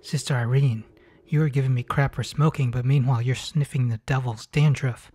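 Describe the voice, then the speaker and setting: A man's voice: medium pitch, steady tone, brisk, warm tone, husky. A man hosting a comedic movie commentary, mocking the film in a sarcastic tone. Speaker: host.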